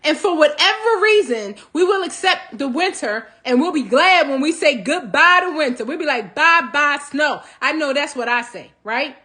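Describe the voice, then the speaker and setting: High-voiced, animated motivational woman. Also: normal speed, few pauses. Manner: animated, preachy, laughs between points. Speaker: host of a healing talk show. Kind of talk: motivational talk.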